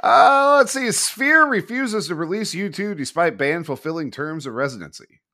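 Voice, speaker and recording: A man co-hosting a casual chat, his voice slightly hoarse as it recovers, reading out headlines and laughing often. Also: sits high, lively intonation, moderate pace, bright, forceful tone. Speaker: podcast co-host.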